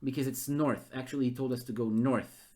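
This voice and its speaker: A man who runs a gamebook live as game master, thinking aloud and getting excited. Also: mid-range voice, fairly quick. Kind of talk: live-streamed gamebook narration.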